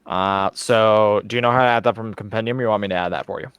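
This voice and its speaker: A man running a tabletop game as game master, narrating in a relaxed, casual way. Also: lowish voice, fast talker, smooth, dry recording, muffled recording. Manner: relaxed, casual, swears offhand.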